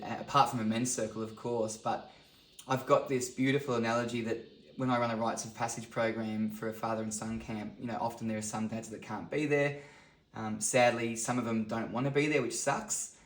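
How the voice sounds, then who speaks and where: A man's voice: mid-range voice, level tone, brisk. A man in his thirties, a guest talking earnestly in a reflective podcast conversation. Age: 30s. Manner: earnest storytelling, acts out quotes. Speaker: podcast guest, men's coach. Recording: roomy echo.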